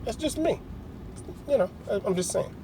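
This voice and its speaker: A man's voice: high-pitched, lively intonation, moderate pace, noisy background. A middle-aged man telling a long, rambling story in a casual, slangy way, often acting out other people's lines. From United States. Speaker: vlogger.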